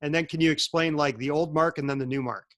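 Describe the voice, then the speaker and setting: A man hosting a casual interview, asking halting but encouraging questions. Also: on the high side, fairly even intonation, a bit bright. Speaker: interview host.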